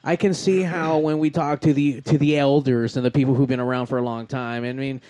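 A man's voice: medium pitch, flat delivery, brisk, mellow, no room sound. A man hosting a podcast in a studio, chatting casually, swearing freely and trailing off into fillers. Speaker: podcast host. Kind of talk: casual chat.

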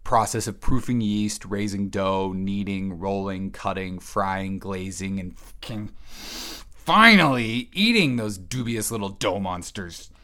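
A man speaks slowly in a lowish voice, rambling through a wry, self-deprecating comic monologue by himself in an empty cabin and occasionally bursting into excited yelling.

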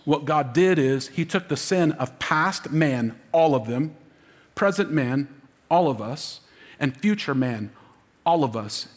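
Emotional preaching pastor in a reverberant church hall. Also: male voice, mid-range voice. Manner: emotional, preaching with audience call-and-response. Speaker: lead pastor. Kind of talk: Easter sermon.

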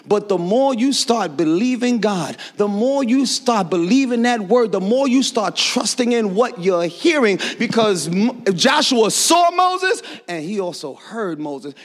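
Man preaching in church, slow deliberate delivery, worked-up, shouting. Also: very high-pitched. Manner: fervent, breaks into shouts and laughter. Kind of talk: sermon.

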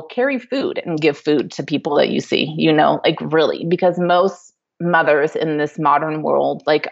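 A woman hosting a podcast, talking earnestly and casually with lots of "like" and "you know". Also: sits low. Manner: earnest and talkative, many "like" and "you know" fillers. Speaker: podcast host. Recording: slightly dull, lo-fi.

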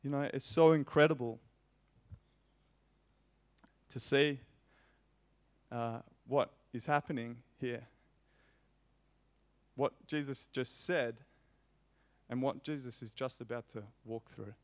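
A man's voice: mid-range voice, steady tone. A man preaching a sermon, reading scripture aloud and repeating phrases with rising, emphatic force. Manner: impassioned, rising loud on repeated phrases, slow emphatic delivery.

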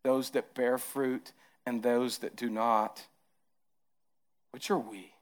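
A man with a Southern accent preaching a sermon as pastor, moving between hushed, tender lines and emphatic rises. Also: medium pitch, little pitch movement, slow.

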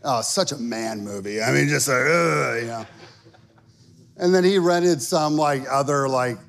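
A man's voice: mid-range voice, a little slow, creaky, a bit bright. A man in his thirties preaching a sermon, telling stories with lots of fillers and building to emphatic calls. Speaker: pastor.

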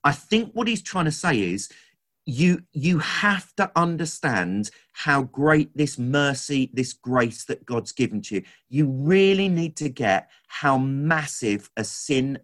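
A man preaching a sermon, retelling scripture in an animated, storytelling way. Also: fairly high pitch, takes it slowly.

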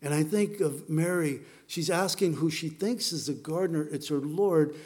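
High-voiced, animated male preacher. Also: normal speed. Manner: animated storytelling, playful asides to the congregation. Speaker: pastor. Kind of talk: sermon.

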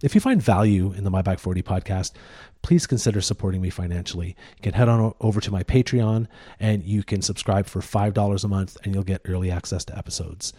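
A man's voice: sits low, dark tone, no room sound, studio quality. A man hosting a podcast, laid-back, laughing easily and swearing casually while chatting and doing the outro. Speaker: podcast host.

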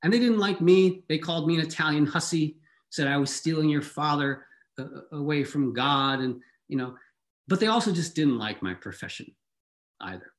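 Candid former-nun mom, brisk and explanatory, as a storyteller puts her on. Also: fairly high pitch, lively intonation, natural voice. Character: frank mother, former nun.

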